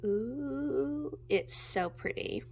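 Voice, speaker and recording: A young woman chatting casually at home as she shows her makeup, gushing and sometimes dropping into a soft whisper. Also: high voice, lively intonation, very slow, vocal fry, a little hiss or hum. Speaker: makeup vlogger. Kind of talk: casual chat while swatching makeup. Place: home room with natural light.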